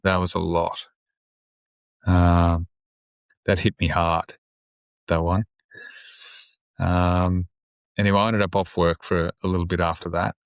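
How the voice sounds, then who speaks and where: A man who is a police officer tells a story on a podcast in a casual, halting way, full of fillers, restarts and easy swearing. His voice is low and resonant, with a flat delivery, and the recording is clear with no echo.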